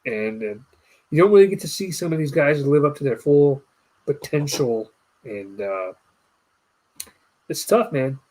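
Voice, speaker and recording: Animated young man telling a story. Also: fairly high pitch, unhurried, long pauses. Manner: storytelling, animated mimicking voices. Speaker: podcast host. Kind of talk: casual chat.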